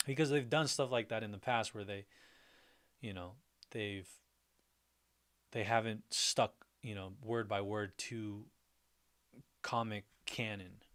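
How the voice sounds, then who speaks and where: A man's voice: on the low side, fairly bright tone, smooth. Chatty, rambling man hosting a livestream. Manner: chatty and rambling, with frequent restarts and "like"; upbeat and friendly toward viewers. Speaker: livestream host. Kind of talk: casual livestream chat reacting to viewer comments.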